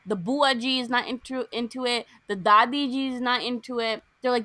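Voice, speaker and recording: A woman's voice: fairly high pitch, no echo. A young woman co-hosting a podcast, casually and animatedly retelling a film plot and acting out the characters' lines. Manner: animated, acts out characters' lines in quick put-on voices. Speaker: podcast co-host.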